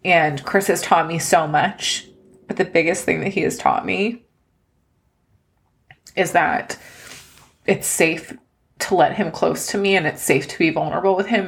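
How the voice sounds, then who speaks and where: A woman's voice: on the low side, steady tone, a little slow, long pauses. A woman in her thirties hosting a personal podcast, talking earnestly and close to tears. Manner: earnest, emotional, tearful at times. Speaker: podcast host. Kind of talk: personal life-update podcast.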